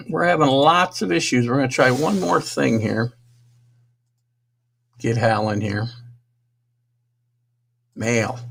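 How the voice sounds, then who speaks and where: A man's voice: medium pitch, vocal fry, slight background noise. A man hosting a live sports talk stream, flustered and apologetic, muttering to himself while fighting technical trouble. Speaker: sports talk show host.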